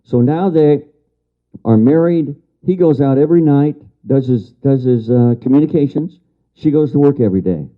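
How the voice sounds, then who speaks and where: An older man with a mid-range voice speaks at normal speed, telling his lecture to an audience as a story. He repeats key phrases for emphasis and responds to remarks from the room, captured in a dull lo-fi recording.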